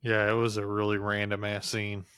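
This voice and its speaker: A man's voice: fairly low pitch, monotone, normal speed, fairly bright tone, smooth, no room sound. A man co-hosting a podcast, adding short laid-back comments in a casual movie chat. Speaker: podcast co-host.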